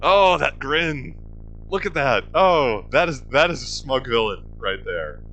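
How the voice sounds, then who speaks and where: A man's voice: medium pitch, animated, measured pace, pushed and bright, lo-fi sound. A man giving casual, joking commentary over a video game playthrough, laughing often. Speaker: let's play host.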